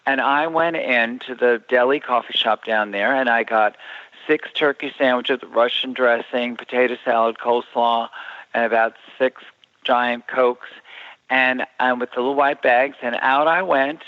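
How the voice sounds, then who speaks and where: An older man, a comedy writer and author, telling an animated story and acting out the voices. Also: mid-range voice, moderate pace, no echo. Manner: lively storyteller, acts out voices. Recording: dull lo-fi sound, dry.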